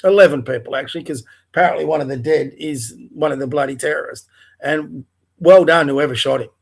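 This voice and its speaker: An Australian man with a fairly high voice delivers a furious rant on his livestream. He talks bluntly, swears often and fires off heated rhetorical questions. He sounds like he is speaking from home. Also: brisk, gravelly, slightly rough. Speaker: livestream host. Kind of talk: angry political rant. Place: home, in front of a TV.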